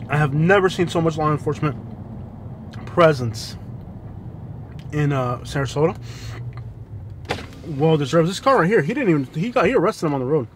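Man, rambling driver-vlogger, high-pitched, light road noise behind. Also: lively intonation, normal speed, long pauses, poor audio. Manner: rambling storyteller with Southern slang, laughs often. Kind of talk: casual driving vlog chat. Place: inside a car driving at night. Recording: faint street noise behind. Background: faint road and traffic noise.

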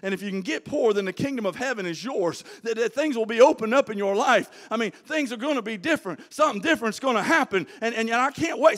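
A male pastor preaching a sermon, dropping to hushed low lines and rising to shouted calls. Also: lively intonation, fast talker, hardly any pauses.

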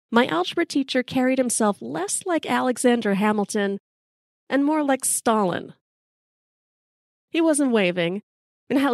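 A middle-aged American woman hosts a storytelling segment, recounting a personal story in a wry, casual and sometimes profane manner. Her voice sits at medium pitch, and the recording is clean studio sound with no echo.

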